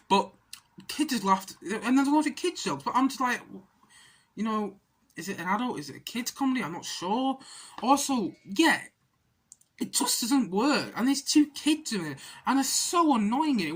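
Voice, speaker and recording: A woman's voice: mid-range voice, slightly rough. A woman giving a casual spoken film review, ranting in an exasperated, rambling way with frequent restarts and repeated words.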